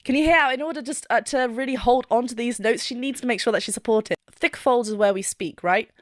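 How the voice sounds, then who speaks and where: A woman vocal coach with a voice on the high side teaches singing at a slightly fast pace, keeping it casual and giggly. She often bursts into laughter, makes self-mocking asides, and demonstrates with sung notes.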